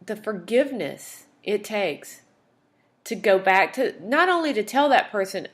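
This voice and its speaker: A woman's voice: on the high side, lively intonation, unhurried. A woman hosting a podcast, telling a personal story in a candid, emotional, chatty way. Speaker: podcast host.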